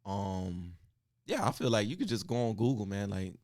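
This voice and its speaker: A young man guesting on a podcast, relaxed and slangy, with many fillers. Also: lowish voice, moderate pace, no room sound, clean studio sound. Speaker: rapper guest. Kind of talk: casual chat.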